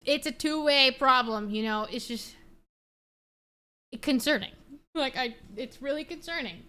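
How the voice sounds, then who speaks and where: A woman's voice: high voice, measured pace. A young woman streamer in casual late-night chat, talking animatedly and reacting to her chat. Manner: chatty, animated, talks to her pet and chat.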